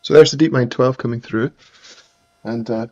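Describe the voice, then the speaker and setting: A man's voice: mid-range voice, normal speed, muffled recording. A man with a mild Scottish accent, chatting casually and rambling as he hosts a live stream while setting up music gear. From Scotland. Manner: chatty, rambling, frequent restarts. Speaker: livestream host. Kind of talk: casual chat while working.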